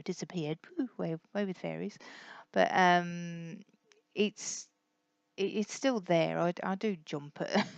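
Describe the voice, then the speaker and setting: A middle-aged woman talks casually and candidly, rambling and restarting her sentences. Her voice has a gravelly, fry-tinged texture. The recording is dry and slightly dull. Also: fairly low pitch, dry recording. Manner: rambling, self-correcting, candid. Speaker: blogger addressing her family. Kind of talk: casual personal talk.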